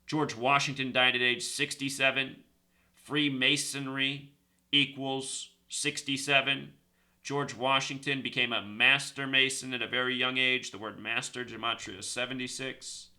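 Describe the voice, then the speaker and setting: Bright-voiced man rambling to camera. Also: mid-range voice, little pitch movement. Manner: rambling, repeats numbers, talks fast then slows to stress points. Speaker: video host. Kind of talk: casual monologue to camera.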